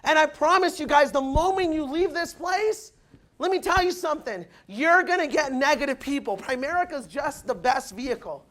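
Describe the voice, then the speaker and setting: A man giving a loud, punchy motivational speech to new recruits, asking the crowd if they follow him, with the audience answering back. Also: very high voice, expressive, moderate pace. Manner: acts out quoted people in changed voices. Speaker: motivational speaker at recruit orientation. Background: audience responding.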